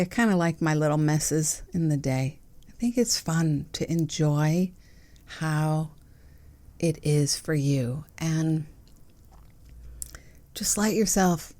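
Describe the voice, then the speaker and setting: A middle-aged woman hosting her own podcast from a home desk, chatting in a playful, giggly and affectionate way. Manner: playful, giggly and affectionate, with bursts of excited high notes. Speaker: podcast host. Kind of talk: casual solo podcast chat.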